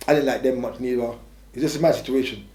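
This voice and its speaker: Fast-talking blunt man, roomy sound. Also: mid-range voice, steady tone, dark tone. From England. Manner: blunt, rambling, restarts a lot. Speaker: interviewee. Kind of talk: candid storytelling. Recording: roomy echo.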